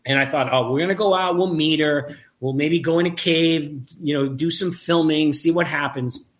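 Animated storytelling man, slightly high voice. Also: normal speed. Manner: animated anecdote-telling, acts out quoted dialogue, frequent restarts. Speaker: documentary filmmaker. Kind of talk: casual storytelling in an interview.

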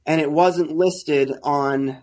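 A man telling a caving story as a podcast guest, casual and animated, acting out the lines of people in it. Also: fairly high pitch, takes it slowly. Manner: animated, acts out quoted dialogue. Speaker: guest, caver.

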